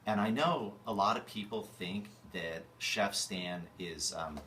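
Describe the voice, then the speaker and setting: Brief: very deep male chef, halting ad read, faint hiss behind. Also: pushed and bright, reverberant, far from the mic, low-quality recording. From California. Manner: hesitant, many fillers and restarts. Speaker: chef recording a radio ad. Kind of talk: unscripted ad read.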